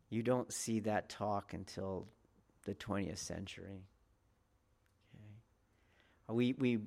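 A man's voice: on the low side, creaky. A man giving a martial arts lesson, talking in a rhetorical way and often checking in with his students. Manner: rhetorical, keeps checking in with "okay?" and "do you see?". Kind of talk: teaching talk to students.

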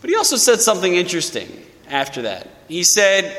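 A man's voice: high voice, huge pitch swings, a little fast, few pauses, bright, forceful tone. A young man from Louisiana, a parish priest giving a casual, story-driven sermon. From Louisiana, USA. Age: young adult. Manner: casual, storytelling homily with fillers. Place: church. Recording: echoey church hall.

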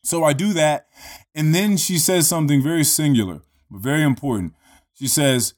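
A man casually telling a long story in a relaxed, profane way, full of fillers like "you know" and "like". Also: fairly high pitch, normal speed.

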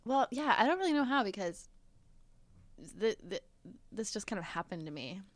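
A woman's voice: mid-range voice, very animated, moderate pace, no echo. A woman in her thirties, a little congested, telling a story in casual chat with lots of fillers and laughter. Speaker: podcast guest.

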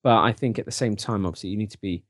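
A Scottish man co-hosting a comedy podcast, teasing and joking in deadpan banter. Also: fairly low pitch, racing, no room sound, clean studio sound. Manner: teasing, mock-serious jokes. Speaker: podcast co-host. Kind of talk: casual comedic chat.

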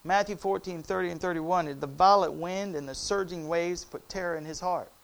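A man preaching a sermon, calling on the congregation and swinging between loud cries and hushed, quiet passages. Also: sits high, normal speed, vocal fry. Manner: call-and-response preaching, rising to loud cries and dropping to hushed tones.

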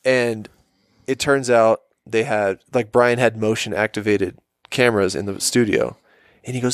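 A man's voice: on the low side, moderate pace, no room sound, studio quality. A man in his twenties telling a rambling, profane story in a casual podcast chat. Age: 20s. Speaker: podcast co-host.

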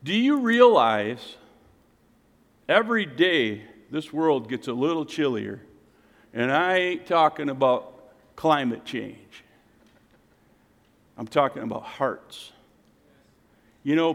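Male pastor, sermon, slightly high voice, big echoing hall; alternates loud emphatic calls with hushed low asides. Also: gravelly. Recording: reverberant hall.

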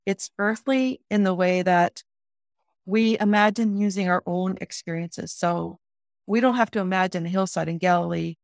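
Low-voiced woman teaching prayer. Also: steady tone, normal speed, vocal fry, no echo, clean studio sound. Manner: earnest, plain-spoken, with frequent restarts. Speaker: spiritual director teaching prayer. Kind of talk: informal spoken teaching on prayer.

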